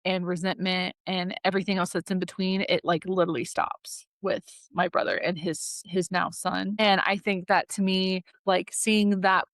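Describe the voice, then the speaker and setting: With a lowish voice and flat delivery, a woman in her thirties tells casual stories as a podcast guest and daughter, using many fillers and quoted voices. She keeps a moderate pace with few pauses, sounding a bit bright in a dry recording.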